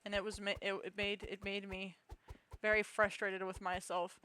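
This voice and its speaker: A woman's voice: medium pitch, level tone, moderate pace, bright, forceful tone, slight background noise. A young woman streaming a game, chatting casually and telling a rambling, self-mocking story full of restarts. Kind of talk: casual live-stream chat.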